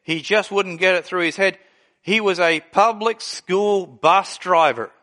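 A man preaching a sermon, telling stories with lively delivery and acting out the people he quotes. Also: sits high, a little slow. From Australia. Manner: animated storytelling, acts out quoted people. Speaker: pastor.

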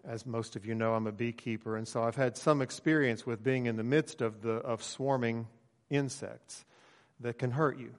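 Pastor, middle-aged man, mid-pitched, folksy sermon storyteller, long hall echo. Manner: relaxed storytelling with frequent fillers.

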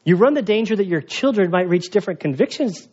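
A middle-aged male pastor preaching a conversational sermon, telling personal stories in an animated, self-mocking way. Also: high-pitched, quick pace, breathy edge. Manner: animated, chatty storytelling with self-mocking humor. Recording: dull lo-fi sound.

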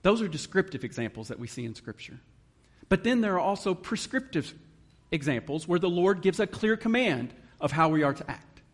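A guest preacher with a high male voice speaks briskly and very animatedly. He delivers his sermon earnestly, sometimes with emotion, reading scripture aloud and then explaining it.

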